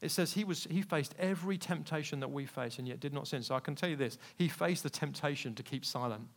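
Pastor preaching with big swings. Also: male voice, a little high, fast talker. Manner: storytelling, swings between hushed and loud emphatic passages. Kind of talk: sermon.

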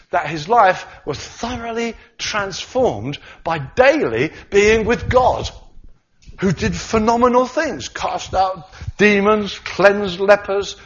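A man preaching a sermon, animated, acting out the voices of the disciples as he talks. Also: high-pitched, muffled recording.

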